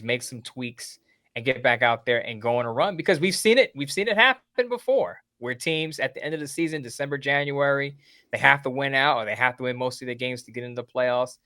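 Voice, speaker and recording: Bright-voiced sports writer, man. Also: medium pitch, dry recording, clean studio sound. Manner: methodical, lays out lists of teams and plans. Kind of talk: casual sports talk.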